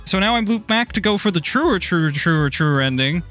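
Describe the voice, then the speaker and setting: A man from Ireland chatting casually on a live game stream, rambling and excitable, swearing often and tripping over his words. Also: sits high, normal speed. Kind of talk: casual live-stream chat while playing. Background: faint music.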